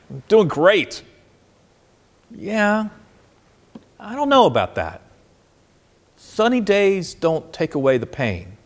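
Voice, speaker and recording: A man preaching a sermon as pastor, asking listeners questions and moving between quiet and animated delivery. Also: mid-range voice. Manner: expressive, swings between soft and animated.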